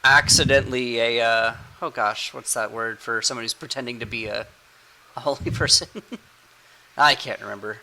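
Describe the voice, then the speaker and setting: Giggly man with a bright voice. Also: medium pitch, fairly even intonation, moderate pace, creaky, a little hiss or hum, low-quality recording. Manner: giggly, playful, rambling. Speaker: game master and podcast host. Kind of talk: casual podcast chat.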